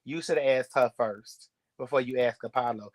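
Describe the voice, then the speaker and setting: A man's voice: mid-range voice, moderate pace. A man giving a sassy, blunt, gossipy recap of a reality show episode. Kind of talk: casual recap commentary.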